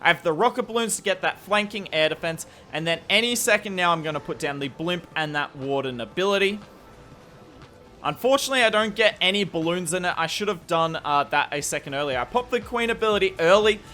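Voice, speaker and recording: A man's voice: sits high, brisk, pushed and bright. A man with an Australian accent giving enthusiastic, explanatory commentary over strategy gameplay footage. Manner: enthusiastic, explanatory, self-deprecating. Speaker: gaming commentator.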